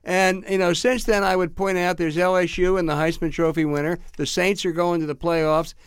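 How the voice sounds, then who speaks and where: A man tells sports stories in an easygoing way on a casual holiday chat. His voice sits a bit high and sounds smooth and clear, recorded dry and close. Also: little pitch movement, moderate pace, no room sound. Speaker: co-host, journalist.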